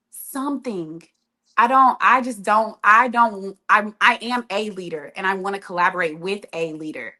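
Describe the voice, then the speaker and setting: A woman's voice: mid-range voice, sharp tone. A woman guest on a podcast in casual chat, talking in an emphatic, sassy way.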